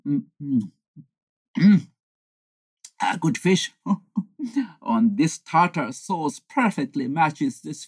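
A man's voice: fairly high pitch, no room sound, heavily acted. A woman voicing a young man who fakes terror of hamburgers while secretly munching them. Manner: shrieks in panic, then munches and chuckles. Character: young man Henry, sly glutton faking terror. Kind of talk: comic storytelling.

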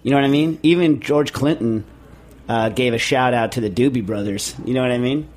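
A man hosting a podcast in casual chat, rambling with lots of fillers and jumping to high excited outbursts. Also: fairly quick. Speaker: podcast host.

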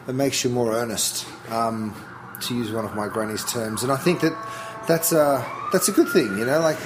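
Australian man, middle-aged, mid-pitched voice, chatty interview guest, faint hiss behind. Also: moderate pace. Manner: relaxed, chatty, self-interrupting with fillers. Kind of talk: casual interview chat.

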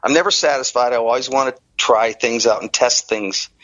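A middle-aged man from the Detroit area tells his own story in an interview and acts out the people he quotes. His delivery is lively and animated. The recording is dull and lo-fi, with a dry sound. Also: mid-range voice, normal speed, dry recording. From Detroit area, Michigan.

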